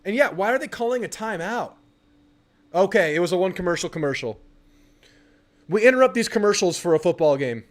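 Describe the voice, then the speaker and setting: A young man hosting a live football watch party, reacting excitedly and ranting with frustration. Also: high-pitched, a little fast, long pauses. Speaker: sports channel host.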